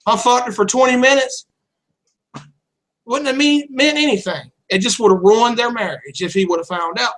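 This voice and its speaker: A man's voice: very high-pitched, normal speed, fairly bright tone, poor audio. A man telling a candid personal story in casual chat, rambling and blunt, swearing freely. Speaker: channel host.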